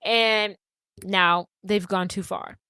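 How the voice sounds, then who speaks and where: A woman's voice: medium pitch, takes it slowly, smooth, no echo, studio quality. A woman co-hosting a podcast, casually recapping a movie with lots of profanity and acted-out quotes. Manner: animated retelling, profane, acts out quotes. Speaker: podcast co-host.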